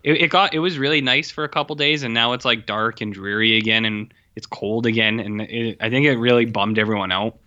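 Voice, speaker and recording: Tired Albertan man, bright lo-fi voice. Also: mid-range voice, brisk, hardly any pauses. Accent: Albertan Canadian. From Canada. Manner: rambling, self-mocking, lots of fillers. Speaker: podcast co-host. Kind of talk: casual chat. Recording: dull lo-fi audio.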